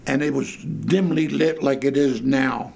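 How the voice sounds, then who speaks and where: Gravelly husky old guy telling a funny story in a church. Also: medium pitch, a little slow. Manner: colorful, lively anecdote telling. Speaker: interviewee. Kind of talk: storytelling in an interview. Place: dim church interior.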